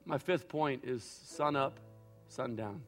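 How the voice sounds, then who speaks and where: A man preaching a sermon as pastor, swinging between loud acted-out quotes and quiet, reflective passages. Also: medium pitch, takes it slowly, faint music behind.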